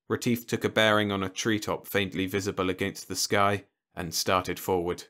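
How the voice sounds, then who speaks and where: A man reading a science fiction story aloud in lively, animated storytelling narration. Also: low-pitched, normal speed, few pauses. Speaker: audiobook narrator.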